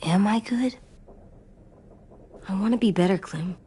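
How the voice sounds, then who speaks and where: A woman's voice: mid-range voice, measured pace, mellow, breathy edge. A woman voicing an earnest, worried young boy survivor in a video game, asking blunt questions, over game music. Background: game score music.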